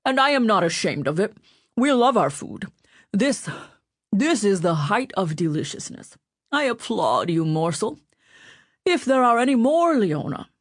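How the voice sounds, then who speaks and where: A woman's voice: medium pitch, big pitch swings, unhurried, dry recording, clean studio sound. A woman voicing a fat, greedy, joking Genovese man in an audiobook, in a boisterous, teasing manner. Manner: boisterous, teasing, relishing food. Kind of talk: audiobook character voice.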